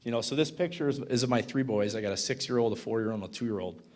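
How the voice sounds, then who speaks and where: A man's voice: medium pitch, fast talker, a little mellow. A man in his thirties speaks to a conference audience. He tells a story in a loose, chatty way, full of fillers. He keeps checking in with the room. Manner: casual, filler-heavy, asks the audience "right?". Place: conference hall.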